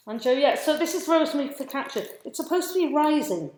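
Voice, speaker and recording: A woman's voice: sits high, fairly quick, few pauses, darkish tone, heavy reverb. A woman hosting a casual live cooking stream from her home kitchen, chatting to viewers while she cooks. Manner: chatty, scattered, greets viewers mid-task. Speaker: cooking livestream host.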